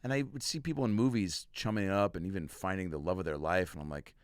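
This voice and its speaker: A man's voice: deep voice, fast talker, smooth, dry recording. A man in his thirties hosting a podcast in casual chat, telling stories and acting out voices. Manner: animated storyteller, acts out voices. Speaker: podcast host.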